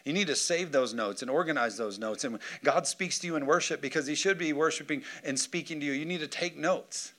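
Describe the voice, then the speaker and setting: A man pastor preaching a sermon in a church, lively and joking, calling on the congregation for amens. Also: on the high side, a little fast, few pauses. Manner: lively preaching with jokes and call-and-response. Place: church sanctuary.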